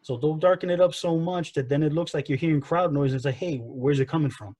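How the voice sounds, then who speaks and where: Podcast co-host, male, slightly high voice, dry close sound, rambling casual wrestling chat. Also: a little fast, darkish tone, no echo. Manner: rambling, repeats himself, frequent "you know" and "again".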